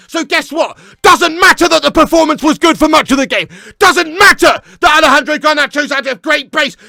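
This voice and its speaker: A young man in a furious, heavily sweary ranting reaction video, often shouting as he addresses his viewers. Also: extremely high pitch, creaky, no room sound. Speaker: fan reaction host.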